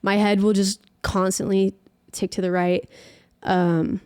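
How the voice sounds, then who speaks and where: A young woman sits as a guest in an interview and tells her own story. She talks casually, leans on the word "like" again and again, and speaks at an ordinary, middle pitch. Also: flat delivery, measured pace, darkish tone, clean tone. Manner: chatty, heavy use of filler "like". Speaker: podcast guest.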